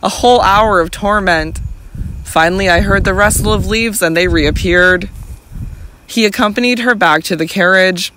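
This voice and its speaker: A man narrating an audiobook in a measured literary reading. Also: high voice, pushed and bright. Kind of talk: scripted narration.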